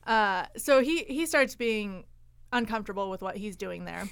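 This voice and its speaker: A woman's voice: mid-range voice, lively intonation, moderate pace, gravelly, a bit bright, clear, resonant tone, dry recording, studio quality. Chatty woman podcast co-host. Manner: chatty, laughing often. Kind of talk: casual history chat.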